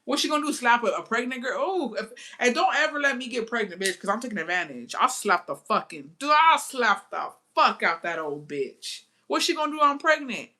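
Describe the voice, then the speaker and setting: A woman's voice: fairly high pitch, a little fast, hardly any pauses. A woman, chatting to her viewers in a blunt, profane way, slipping Spanish into her English and telling stories with theatrical asides. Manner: animated storytelling with theatrical asides. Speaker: vlogger. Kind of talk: casual chat to viewers.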